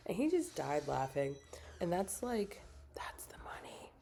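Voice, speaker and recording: A woman's voice: medium pitch, lively intonation, normal speed, mellow, slight background noise. A middle-aged woman chatting casually during a craft livestream, telling stories and acting out quotes. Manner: chatty, storytelling with acted-out quotes. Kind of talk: casual chat while crafting.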